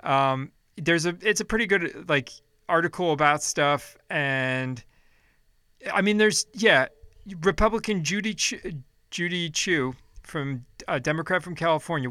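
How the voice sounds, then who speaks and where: A man's voice: fairly high pitch, bright, forceful tone, clear, resonant tone, no echo, clean studio sound. A man giving a casual, blunt commentary, reading down a list and swearing freely in his asides. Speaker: political commentator.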